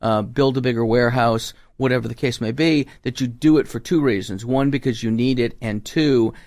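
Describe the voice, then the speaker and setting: A man's voice: medium pitch, steady tone, fairly quick, darkish tone, no room sound, clean studio sound. A man, a tax advisor guest on a radio talk show, chatting in a folksy way and acting out his clients' lines as he tells stories. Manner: folksy storyteller, acts out client dialogue.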